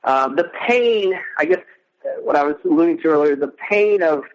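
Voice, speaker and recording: A middle-aged man speaking as an interview guest, earnest and emotional, halting as he recounts. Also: a little high, lively intonation, highs cut off. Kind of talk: casual interview.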